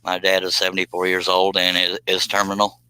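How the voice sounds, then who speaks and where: A man's voice: low voice, monotone, a little fast, sharp tone, smooth, rough recording. A man hosting a casual live stream from his workshop, chatting as he works and reading out comments, rambling and self-deprecating with frequent chuckles. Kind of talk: casual live stream chat while working.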